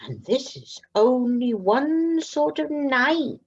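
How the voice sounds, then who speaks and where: Gentle black cat voiced by a woman, calm and kind, slow soothing drawl, raised pitch, storybook. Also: slightly rough, highs cut off, full character voice.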